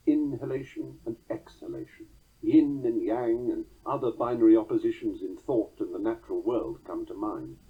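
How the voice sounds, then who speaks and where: A man reading a book on poetry aloud, measured, chanting verse rhythms and reciting quotations slowly. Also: mid-range voice, dark tone, husky. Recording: tinny phone-like sound.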